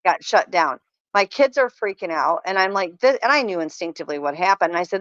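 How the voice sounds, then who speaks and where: A woman's voice: fairly low pitch, expressive, fast, no room sound. Earnest storytelling woman, lo-fi sound. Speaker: podcast guest. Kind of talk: casual chat. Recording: dull lo-fi sound.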